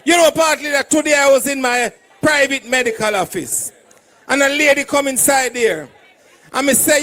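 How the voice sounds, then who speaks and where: Fiery high-voiced Jamaican man shouting. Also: normal speed. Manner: shouting, fiery, call-and-response to the crowd. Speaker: political candidate and doctor at a party rally. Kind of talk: rally speech.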